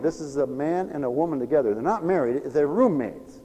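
Animated high-voiced male preacher. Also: moderate pace, in a large hall, poor audio. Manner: dramatic, acts out other people's voices; rises to shouting for emphasis. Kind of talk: sermon.

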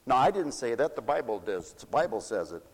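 A man preaching a fiery, folksy sermon. He swoops between loud declarations and mocking asides. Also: mid-range voice, sing-song, fairly quick, breathy edge. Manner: folksy, shouting and swooping, mocks voices. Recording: long hall reverb.

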